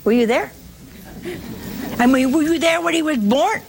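A woman's voice: high-pitched, normal speed, slight background noise, voice pushed up. A woman voicing a skeptical male apostle who keeps asking needling, incredulous questions.

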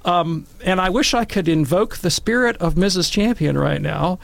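A middle-aged man telling wry, animated stories and commenting on scripture in a casual talk. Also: high voice, normal speed, creaky, dry recording. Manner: wry, animated anecdotes with acted quotes.

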